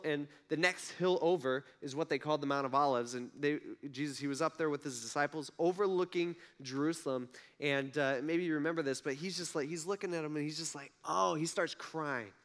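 Animated man preaching a casual sermon. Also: on the high side. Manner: conversational, animated preaching with rhetorical questions. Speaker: pastor.

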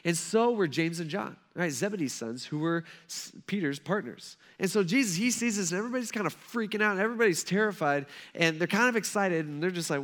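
A man's voice: sits high, fast talker, few pauses, fairly bright tone. A man as a pastor, telling a Bible story in a loose, conversational sermon style with lots of "like" and "right?".

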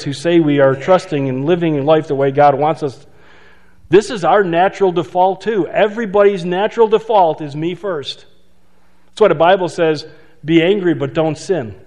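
A man preaching a sermon in a conversational way, asking rhetorical questions and slowing down for emphasis. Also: on the high side, darkish tone. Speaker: pastor. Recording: long hall reverb.

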